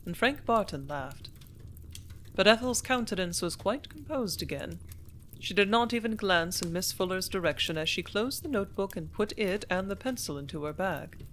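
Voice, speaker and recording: An audiobook narrator reading a novel aloud in an even, steady voice. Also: medium pitch, normal speed, a little hiss or hum. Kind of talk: scripted narration.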